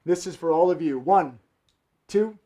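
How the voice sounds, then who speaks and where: Speaking at a measured pace in a warm, fairly high voice, a man livestreams fire tricks from indoors at home. His banter is playful and joking as he hypes up the crowd like a showman.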